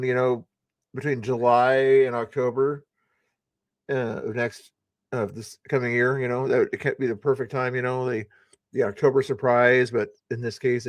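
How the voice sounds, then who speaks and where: A man's voice: medium pitch, no echo. A man hosting a casual news commentary stream, talking loosely with many fillers and restarts. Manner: rambling, lots of fillers and restarts. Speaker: stream host.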